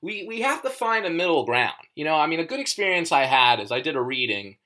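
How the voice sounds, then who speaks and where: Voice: medium pitch, big pitch swings, quick pace, bright, forceful tone. A comedian ranting in a casual monologue, profane and emphatic, rambling with many restarts.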